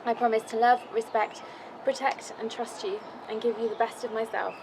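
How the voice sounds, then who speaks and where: A woman's voice: fairly high pitch, level tone, moderate pace, background noise. A woman, the bride, reading her wedding vows outdoors in a park, nervous and close to tears.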